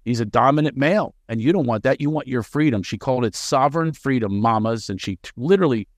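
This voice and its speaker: A male comedian sitting in as a podcast guest, talking fast and with plenty of energy. He slides into quick impressions in the middle of his stories. The sound is dry and close, with no room echo. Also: mid-range voice. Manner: energetic, jumps into quick character voices. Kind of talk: animated podcast storytelling.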